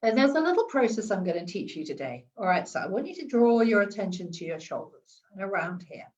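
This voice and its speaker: A woman's voice: mid-range voice, very animated, fairly quick, darkish tone, recorded from a distance, muffled recording. A woman giving chatty advice in a live stream, often repeating and restarting words. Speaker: wellness coach.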